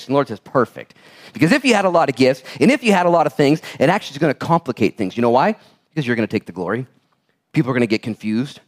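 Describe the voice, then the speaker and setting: A man preaching a sermon as pastor in a church, animated and storytelling, swinging from hushed intensity to loud exclamations. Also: a little high. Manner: storytelling, acts out quoted dialogue.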